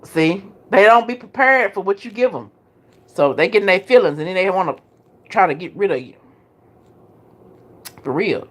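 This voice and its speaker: A woman's voice: mid-range voice, expressive, normal speed, long pauses. A woman hosting a casual live chat, talking straight to her viewers and laughing often. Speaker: live stream host.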